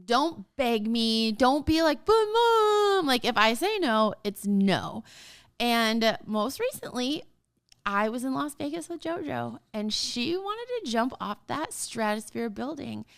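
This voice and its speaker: A woman in her forties hosting a casual podcast, talking straight to parents in an animated, emphatic way and often laughing. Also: a little high, a little slow, gravelly. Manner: talks straight to listeners as a parent. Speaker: podcast host.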